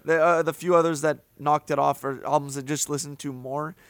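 Brief male, somewhat high voice, measured opinions, dry room. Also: fairly even intonation, no echo. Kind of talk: casual chat about music.

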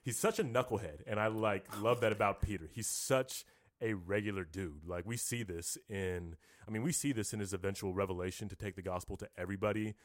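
A man co-hosting a podcast in casual chat, animated and laughing easily as he reflects on scripture. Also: fairly low pitch, a little fast, no echo, studio quality. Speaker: podcast co-host.

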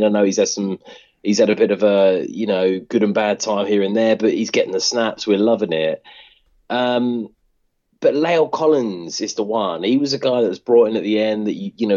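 A man's voice: fairly low pitch, warm tone. Slangy man, dull lo-fi sound. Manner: loose, slangy, conversational. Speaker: podcast co-host. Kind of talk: casual sports chat.

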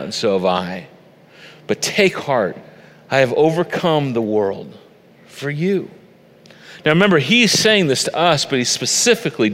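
Pastor preaching in a reverberant hall. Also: male voice, medium pitch, fairly bright tone. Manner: conversational, personal storytelling. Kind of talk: sermon. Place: church stage. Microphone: stage microphone.

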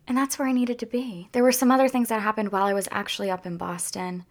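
A woman's voice: mid-range voice, little pitch movement, quick pace. Heartfelt chatty woman vlogger. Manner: heartfelt, chatty, trails into soft whispers. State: emotional, near tears. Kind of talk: casual personal talk to viewers.

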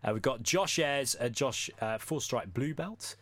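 A man's voice: mid-range voice, lively intonation, measured pace, fairly bright tone, no echo. A man from the UK co-hosting a casual podcast, rambling with lots of fillers. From United Kingdom. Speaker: podcast co-host.

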